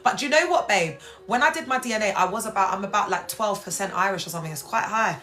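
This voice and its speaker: Bright, chatty woman live-streaming. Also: fast talker, soft background music. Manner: chatty, animated, talks straight to viewers; breaks into high excited exclamations. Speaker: livestream host. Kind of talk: casual live-stream chat reading viewer comments. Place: hospital bed, indoors.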